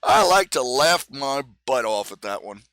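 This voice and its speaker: A man's voice: medium pitch, animated, unhurried, a bit bright, dry recording. A man talking casually on his live stream, rambling with many fillers and restarts and acting out the quotes he tells. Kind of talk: casual solo commentary.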